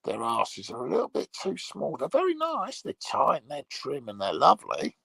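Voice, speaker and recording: Gröbnöb, a gravelly swearing troll, as a man puts him on. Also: on the high side, huge pitch swings, moderate pace, pushed and bright, no echo, full character voice, rough recording. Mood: crude rambling. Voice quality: gravelly, husky. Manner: crude, swearing, rambling monologue. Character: crude, rambling male troll, a coarse bloke. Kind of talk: comedy character monologue.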